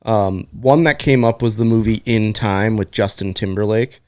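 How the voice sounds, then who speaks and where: A man's voice: lowish voice, normal speed, darkish tone, no room sound, studio quality. A man co-hosting a podcast, rambling through stories in casual chat and swearing casually. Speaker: podcast co-host.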